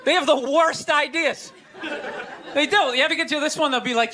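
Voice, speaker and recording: A man doing a stand-up comedy routine, ranting in an exasperated way and breaking into mocking voices. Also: a little fast. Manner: ranting, exasperated, jumps into high mocking voices for quoted people. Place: comedy stage before a laughing audience. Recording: live stage mic with crowd laughter and noise.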